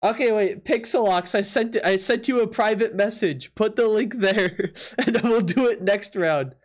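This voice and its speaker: Through a desk mic, a laid-back streamer addresses the chat in a mid-pitched voice during a drawing game. The words rush out in halting bursts, doubling up on themselves, with lots of laughter.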